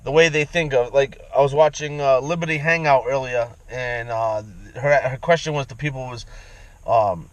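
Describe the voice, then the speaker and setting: A man's voice: mid-range voice, fairly even intonation, moderate pace, dry recording, rough recording. A man ranting in a profane, rambling vlog monologue from inside his vehicle, repeating himself as he goes. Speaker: vlogger.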